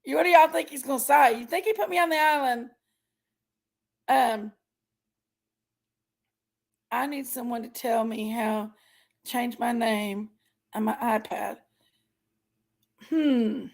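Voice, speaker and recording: A woman's voice: a little high, slow pace, vocal fry, long pauses. A woman hosting a casual livestream, chatting in a folksy way and greeting viewers by name. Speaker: livestream host.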